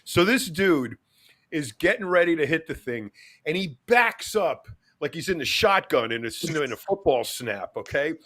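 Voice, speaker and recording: A man co-hosting a live podcast, telling stories in an animated way and answering training questions directly. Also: fairly high pitch, moderate pace. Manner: animated storyteller, repeats words. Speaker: podcast co-host. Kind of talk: casual chat, storytelling.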